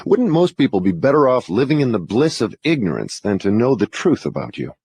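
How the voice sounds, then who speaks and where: A man's voice: mid-range voice, very animated, a little fast, darkish tone, husky, no echo. A man playing a formal, demanding interrogator who questions with insistence in an audiobook dramatization. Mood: probing.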